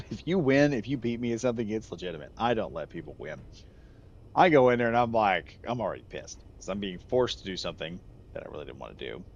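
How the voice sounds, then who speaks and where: Rambling through a casual story, a middle-aged man hosting a gaming channel keeps self-correcting and chuckling at his own jokes. He speaks fairly quickly in a lowish voice with big pitch swings, slightly muffled, faint noise behind.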